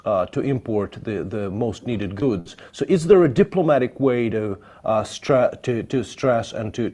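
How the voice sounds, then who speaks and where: Mellow-voiced host, halting. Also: male voice, fairly low pitch. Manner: halting, searching for words. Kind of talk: panel discussion.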